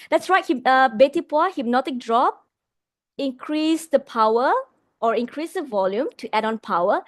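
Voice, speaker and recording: Her voice is high-pitched and the recording dry and studio-clean. A Malaysian-accented woman leads a live webinar on vocal delivery, reading out audience replies, calling them "my dear friends," and using changes in volume and slower pacing for emphasis.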